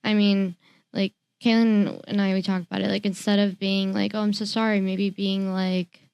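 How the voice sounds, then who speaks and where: A young woman co-hosting a casual podcast, animated and chatty, piling up fillers and restarts as she tells her stories. Her voice sits at an ordinary pitch and sounds close and dry, with no room around it. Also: normal speed, vocal fry, smooth, no echo, muffled recording. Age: young adult. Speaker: podcast co-host. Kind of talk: casual chat.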